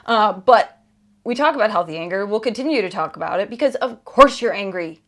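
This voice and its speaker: A woman's voice: mid-range voice, lively intonation, a little fast, fairly bright tone. A woman hosting a personal podcast, speaking candidly and conversationally, with restarts and an emphatic, exasperated edge in places. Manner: candid, earnest, conversational with frequent fillers and restarts. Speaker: podcast host.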